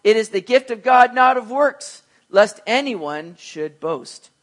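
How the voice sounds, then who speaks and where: A male preacher with a high voice delivers a sermon. He is animated and often repeats words as he speaks, and now and then he acts out the imagined voices of others. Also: slow pace.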